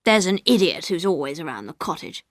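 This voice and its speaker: A woman voicing a sneering, spiteful middle-aged man with a lowered voice in an audiobook read. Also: sing-song, a little fast, no room sound, clean studio sound.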